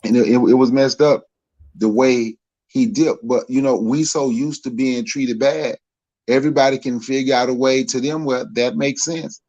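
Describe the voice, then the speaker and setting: A man's voice: mid-range voice, fairly even intonation, normal speed, darkish tone, lo-fi sound. A Southern American man from Mississippi chats casually on a podcast, calling in by phone. He laughs easily and often, chuckling between his points. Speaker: guest.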